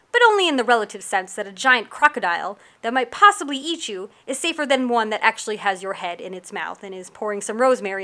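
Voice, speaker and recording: A woman narrates a first-person storybook adventure with lively, wry delivery. Her voice sits a little high and sounds bright and crisp-edged. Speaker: audiobook narrator.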